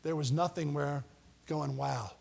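A high-voiced man preaching as a pastor, chatty and playful, slipping into little voices for the people in the story. His voice rings out with a long reverb, as in a large hall. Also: measured pace. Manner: conversational, joking storyteller acting out quotes. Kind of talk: sermon.

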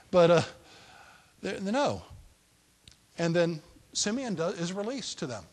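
A man's voice: high-pitched, very animated, normal speed, pauses often, darkish tone. A man preaching a sermon as a pastor, walking through a Bible passage and acting out its people in a raised voice. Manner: acts out the people in the story in a raised voice.

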